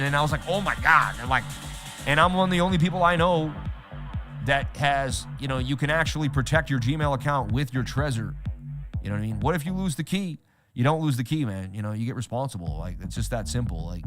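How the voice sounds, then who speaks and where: A man with a somewhat high voice hosting a casual trading livestream, talking in loose, rambling stretches and circling back to the same points. Faint music plays behind him. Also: a bit bright. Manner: rambling, repetitive, chatty.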